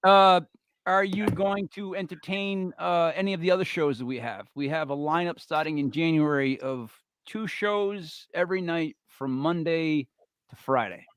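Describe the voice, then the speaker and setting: A man rambles and teases his co-hosts as he runs a live podcast, filling pauses with ums and uhs. His voice sits a little high and sounds dry and close. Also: a bit bright, clean tone, dry recording. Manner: rambling, teasing, lots of fillers. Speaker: podcast host. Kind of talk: casual banter on a live show.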